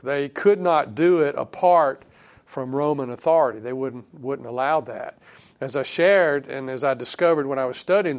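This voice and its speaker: Man preaching a conversational sermon. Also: mid-range voice. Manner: conversational, thinking aloud with fillers and restarts; quotes scripture in a softer, dropping voice.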